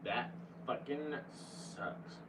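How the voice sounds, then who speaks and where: A man's voice: medium pitch, drawn-out words. A man streaming live, chatting casually with viewers in a laid-back, profane way. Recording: distant, dull lo-fi mic with faint hum.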